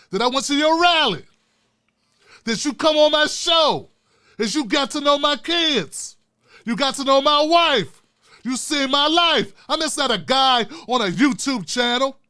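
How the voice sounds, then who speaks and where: A middle-aged man hosting his own online show, ranting with fiery, profane, preacher-like repetition and swinging from hushed asides to shouting. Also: extremely high pitch. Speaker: YouTube show host. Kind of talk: impassioned vlog rant.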